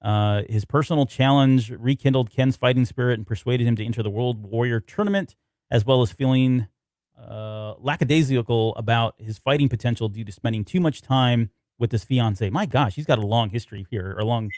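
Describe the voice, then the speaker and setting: A man co-hosts a relaxed podcast chat in an unremarkable middle-pitched voice, rambling a little and reading his notes aloud between remarks. The sound is dry and close, with no room around it. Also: a little fast, dry recording. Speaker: podcast co-host.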